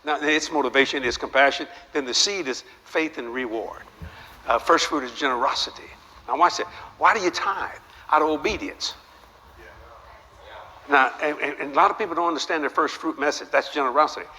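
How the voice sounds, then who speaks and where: Bright-voiced older male preacher, echoing hall. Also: fairly high pitch, brisk. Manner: animated, joking storytelling with repeated rhetorical questions. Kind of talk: sermon. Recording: long hall reverb, faint background noise.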